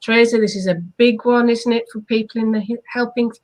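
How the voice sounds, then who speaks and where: A woman's voice: fairly high pitch, steady tone, a little fast, rough recording. Earnest woman coaching on a live stream. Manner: earnest, coaching, asks rhetorical questions. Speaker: hypnotherapist co-host. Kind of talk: casual live-stream chat.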